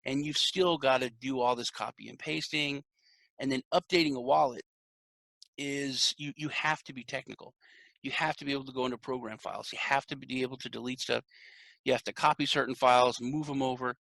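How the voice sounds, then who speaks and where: A man with a gravelly, bright voice chats casually as a podcast host. He tells an animated story and acts out the lines of the people he quotes. The sound is dry and close. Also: medium pitch, brisk, no room sound. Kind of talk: casual interview chat.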